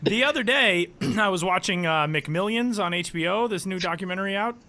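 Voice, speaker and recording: Podcast host guy, talks fast, bright kinda high voice, upbeat and rambly. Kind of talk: casual chat.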